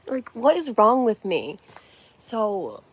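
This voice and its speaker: A woman's voice: a little high, wildly swooping pitch, takes it slowly, slightly rough. A young adult woman hosting a casual livestream at home, rambling from one topic to the next in a scattered way. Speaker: livestream host.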